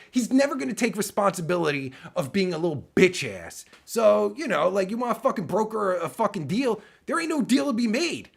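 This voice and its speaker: A heated man on a livestream rant, swearing constantly and circling back on himself with fillers. His voice sits high and swings widely in pitch, with a gravelly, husky edge throughout. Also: a bit bright. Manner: profane, heated, ranting with many fillers. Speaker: streamer and podcaster.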